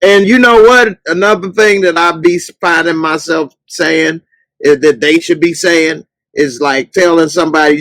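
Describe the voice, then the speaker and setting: A man hosting a casual talk show, chatting loosely and breaking into loud mock rants at characters on TV. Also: fairly high pitch, normal speed, dry recording, rough recording. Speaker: podcast host. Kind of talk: casual chat.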